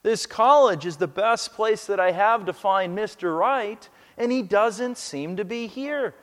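A man's voice: a little high, big pitch swings, normal speed, long reverb tail. A man voicing an anxious young woman, a college senior, who complains that no one likes her, within a sermon. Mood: worried. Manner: complaining, self-pitying.

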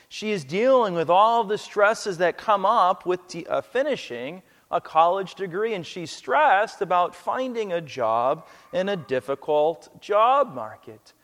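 A man's voice: sits high, a bit bright, big-room sound. A man pastor preaching a sermon, telling a story earnestly with touches of light humor.

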